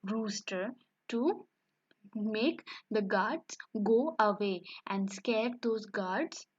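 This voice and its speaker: Slow, husky woman teacher reading aloud. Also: mid-range voice, expressive, highs cut off. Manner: slow, repeats and explains words. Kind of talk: storybook reading for young children.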